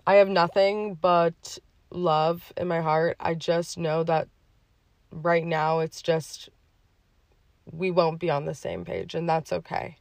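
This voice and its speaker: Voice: mid-range voice, gravelly, no echo. A podcast host speaking in a heartfelt, emotional personal monologue, with many fillers along the way.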